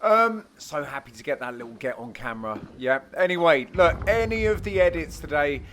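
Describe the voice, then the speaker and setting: A young man, the host, giving cheeky, self-mocking voice-over commentary on highlights of his own amateur match. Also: animated, moderate pace, fairly bright tone, a little hiss or hum. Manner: cheeky, self-mocking banter with frequent laughs.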